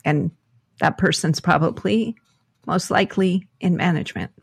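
A woman co-hosting a podcast, talking things through in an unhurried way with many pauses and fillers. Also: fairly low pitch, creaky, breathy edge, no echo, clean studio sound. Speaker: podcast co-host. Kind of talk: casual podcast chat.

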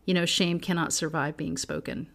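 A middle-aged woman with a fairly low voice shares personal stories on a casual faith podcast. She talks earnestly and breaks into laughter often. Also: little pitch movement, moderate pace, creaky, a bit bright. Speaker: podcast co-host.

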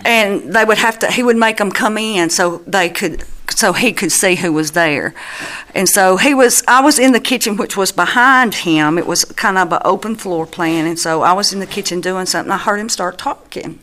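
A middle-aged woman, a mother giving personal testimony in an earnest, halting way with many restarts. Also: mid-range voice, fairly bright tone.

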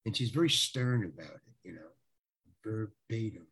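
A man, an actor, telling an animated anecdote in an interview, repeating words and acting out the people he quotes. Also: on the low side, fairly quick, creaky, husky.

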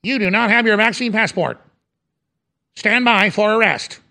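A man voicing a cold, authoritarian male police robot that gives orders in a flat monotone. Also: high voice, a little slow, gravelly, full character voice. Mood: commanding.

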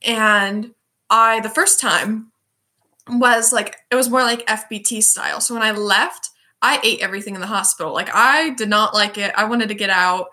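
A young woman hosting a podcast, chatting casually in a lively, animated way. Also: mid-range voice, normal speed. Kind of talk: casual chat.

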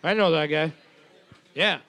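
A man co-hosting a casual comedy podcast, crude and joking with deadpan asides. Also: fairly high pitch, unhurried, clean tone. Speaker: podcast co-host.

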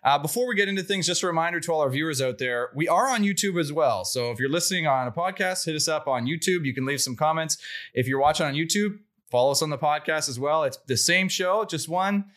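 A man's voice: on the high side, lively intonation, fast, fairly bright tone. A young man hosting a casual podcast, joking and self-deprecating as he opens the show. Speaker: podcast host.

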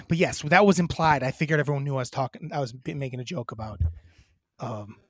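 A man's voice: mid-range voice, a little fast, a bit bright, no room sound. A man co-hosting a podcast in a casual, rambling chat, joking and swearing. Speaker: podcast co-host.

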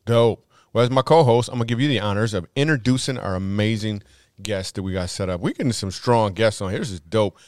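A man with a fairly low voice co-hosts a podcast, and he keeps the talk playful and teasing. The sound is dry and close, with no room in it. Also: a little fast, a little mellow, dry recording. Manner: joking, playful banter. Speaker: podcast co-host. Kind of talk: casual podcast chat.

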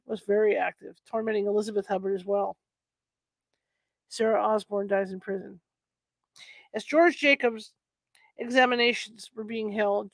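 Woman reading a history book out loud, kinda high voice, trips on words and fixes them, allergies bugging her, dry close mic. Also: no room sound. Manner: stumbles and corrects herself with chatty asides. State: bothered by allergies. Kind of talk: casual read-aloud of a nonfiction book.

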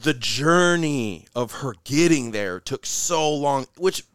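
A man's voice: medium pitch, animated, slow pace, fairly bright tone, clear, resonant tone, dry recording, clean studio sound. A young man hosting a podcast, talking casually and animatedly, swearing and saying "like" and "dude" a lot. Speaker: podcast host. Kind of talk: casual chat.

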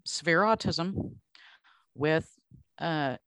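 A woman's voice: sits low, drawn-out words, fairly bright tone, no echo. Woman host, blunt and emphatic, casual chat, dry close sound.

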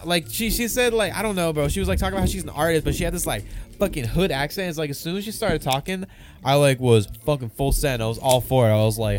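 A man's voice: fairly high pitch, quick pace, music in the background. A young man co-hosting a podcast, rambling loosely through crude casual stories. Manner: rambling, loose, lots of filler words. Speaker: podcast co-host.

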